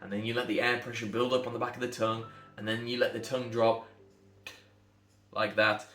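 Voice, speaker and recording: A man's voice: medium pitch, flat delivery, quick pace, a bit bright. Man coaching in an echoey room. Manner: explanatory, spells out letters and demonstrates sounds. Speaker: accent coach. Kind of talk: instructional talk to camera. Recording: echoey room, faint music behind.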